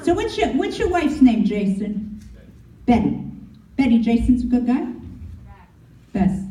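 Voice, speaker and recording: A woman's voice: sits high, sing-song, unhurried, pauses often, a faint crowd. A middle-aged woman doing a brash, crude stand-up comedy set. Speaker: stand-up comic. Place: comedy club. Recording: echoey club from a distance. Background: audience laughing.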